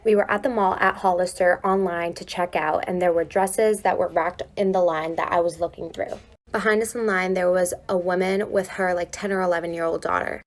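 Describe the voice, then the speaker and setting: A woman whose first language is Turkish, telling a story to the camera in a steady, pointed way. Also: on the low side, a little fast.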